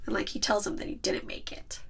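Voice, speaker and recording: A woman's voice: a little fast, fairly bright tone. A woman hosting a casual chat podcast, giggling often and retelling movie scenes with lots of "like". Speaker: podcast host.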